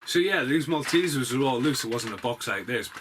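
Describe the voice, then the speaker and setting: A man's voice: mid-range voice, expressive, a little fast, background noise. A man telling a story to camera in a sarcastic, sweary monologue full of asides. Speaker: vlogger.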